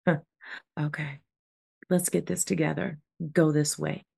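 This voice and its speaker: A scolding, judgy ancient female spirit elder, bossy and stern, as a woman puts her on in a low, gravelly voice. She talks at a lowered volume. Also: level tone, slow pace, a little mellow, full character voice.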